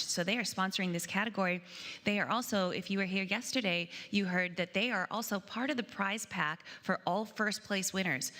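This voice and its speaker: A woman's voice: fairly low pitch, a bit bright. A woman hosting a live awards event, chatty and informal, with a few fillers and restarts. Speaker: competition host. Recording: long hall reverb.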